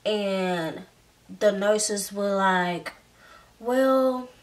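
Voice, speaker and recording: A woman's voice: medium pitch, measured pace. A young woman telling a personal story in a casual, chatty way, with many filler words. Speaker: vlogger. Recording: slightly distant mic.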